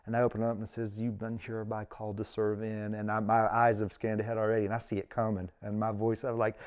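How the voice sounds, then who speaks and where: A man's voice: on the low side, level tone, fast talker, few pauses, a little mellow. A middle-aged man, telling his story in casual conversation as an interview guest and acting out quotes with big jumps in his voice.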